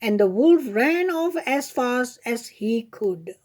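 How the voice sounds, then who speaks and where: She reads the fairy tale slowly and with animation, her voice high and mellow. Minor slips and corrections crop up as she goes.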